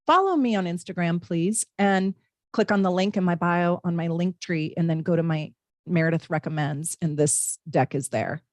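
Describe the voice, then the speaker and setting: A woman's voice: fairly low pitch, normal speed, no room sound. Bubbly woman hosting a live tarot reading. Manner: bubbly and chatty, reads viewer comments aloud, laughs often. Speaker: astrologer and tarot reader hosting a live stream. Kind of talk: live-stream tarot reading, chatting with viewers.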